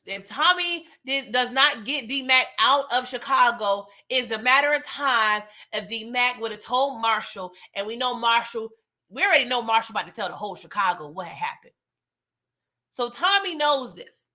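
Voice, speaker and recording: Bright-voiced, chatty woman. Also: a little high, moderate pace. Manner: animated, slangy, chatty, talks straight to viewers. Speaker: TV recap host. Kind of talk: casual recap and review.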